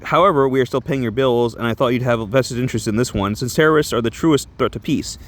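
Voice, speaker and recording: A man reading a stern, manipulative female government handler's comic lines aloud in a brisk, businesslike way. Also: mid-range voice, pitched above the performer's own voice, close to an everyday voice. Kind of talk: comic book read-aloud.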